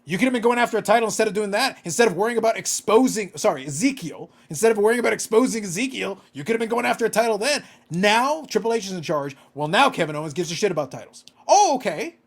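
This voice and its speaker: A man's voice: high-pitched, animated, fast talker, few pauses. A man co-hosting a casual podcast, ranting with exasperation and swearing freely. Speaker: podcast co-host.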